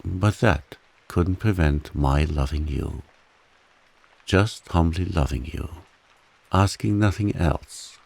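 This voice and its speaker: A man voicing a humble, devoted man earnestly and huskily pleading his love in a soft bedtime reading. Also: low voice, slow pace, creaky, husky, exaggerated voice.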